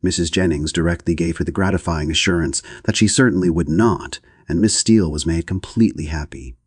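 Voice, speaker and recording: A man narrating a classic novel as an audiobook in a measured, formal reading. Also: low voice, breathy edge, no room sound, clean studio sound.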